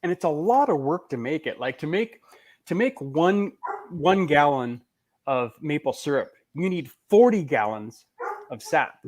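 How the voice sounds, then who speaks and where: Slightly high-voiced Canadian man chatting. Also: very animated, unhurried, darkish tone. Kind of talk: casual chat.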